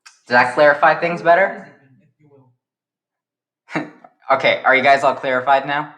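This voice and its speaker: A man's voice: mid-range voice, unhurried, bright, forceful tone, reverberant. A young man improvising a retelling of his own character story, rambling eagerly and restarting his explanations. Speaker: storyteller, series creator.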